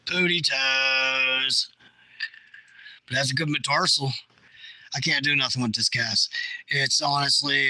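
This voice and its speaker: A middle-aged man casually chatting about his field photos, animated, jokey and blunt. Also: mid-range voice, dry recording, rough recording. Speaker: bigfoot researcher.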